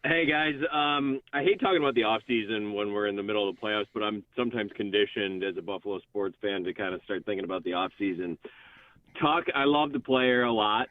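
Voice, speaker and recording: Deep-ish guy calling in, earnest, thin phone-line sound. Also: brisk. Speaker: caller. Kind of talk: call-in comment.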